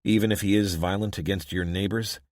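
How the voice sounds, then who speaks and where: A man's voice: low voice, steady tone, a little fast, no room sound, studio quality, natural voice. A man voicing a blunt, pressing father.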